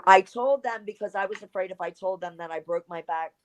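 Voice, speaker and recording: A woman's voice: medium pitch, a little fast, a little hiss or hum, poor audio. A middle-aged woman, a former wrestler and interview guest, telling a story in casual chat. She acts out what people said and swears casually. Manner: animated storyteller who acts out quoted dialogue and swears casually.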